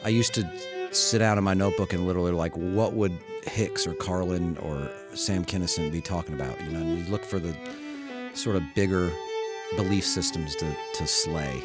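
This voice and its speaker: A man's voice: sits low, normal speed, loud music behind the voice. A male stand-up comedian with a Southern US accent, chatting casually and thinking aloud with restarts. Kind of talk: casual conversation.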